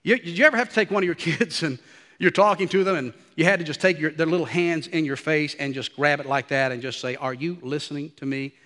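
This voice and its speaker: A man preaching a sermon, animated and dropping to a hush for the quiet passages. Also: fairly high pitch, fast, in a large hall.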